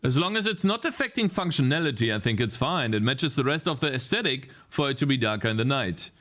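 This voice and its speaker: This young man is streaming game programming and talking to chat mid-debug, his mood swinging between frustration and delight. He speaks fast in a mid-range, slightly bright voice with lively intonation, swearing and muttering the same phrases to himself.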